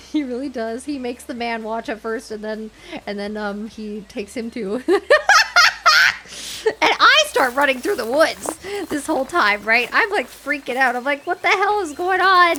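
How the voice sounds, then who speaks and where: A young woman streamer casually telling a story, animated and giggly, often breaking into laughter. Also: a little high, a little hiss or hum.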